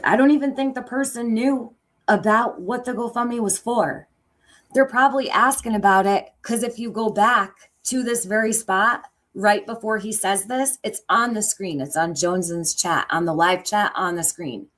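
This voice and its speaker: A woman's voice: medium pitch, moderate pace, a bit bright. A middle-aged woman hosting a reaction commentary, speaking bluntly and angrily with lots of swearing and sarcastic quoting. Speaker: commentary channel host.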